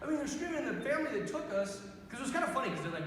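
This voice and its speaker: In a big school gym, a high-voiced young priest gives an animated youth talk, racing along with few pauses and acting out quoted voices in his stories. Heavy echo and a long reverb tail fill the space, with a little hiss or hum underneath.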